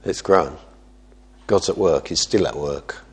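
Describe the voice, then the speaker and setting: A man preaching as a pastor, earnest, moving between quiet asides and emphatic exhortation. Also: very deep voice, a little slow, breathy edge. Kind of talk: sermon.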